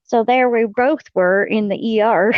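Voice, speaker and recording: A woman's voice: a little high, measured pace, no echo. A middle-aged woman, hosting a casual chat and telling folksy stories with frequent laughs and fillers. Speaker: host. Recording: dull lo-fi sound.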